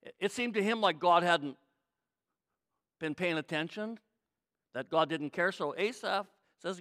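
A pastor preaching a sermon, emphatic, repeating key phrases and swinging between quiet reflection and loud pleading. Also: male voice, high voice, unhurried, pauses often.

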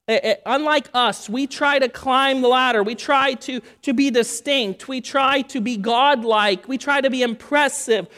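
A woman preaching a sermon, emphatic, building through repeated phrases and dropping low and quiet to stress key points.

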